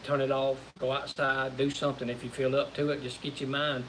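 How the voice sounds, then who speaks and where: A man talking casually on a home live-stream, his voice pitched at an ordinary middle. He rambles in a folksy way, repeating himself as he goes. A faint hiss sits under the recording. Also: level tone, a little fast, fairly bright tone, poor audio. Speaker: co-host of a homestead live-stream.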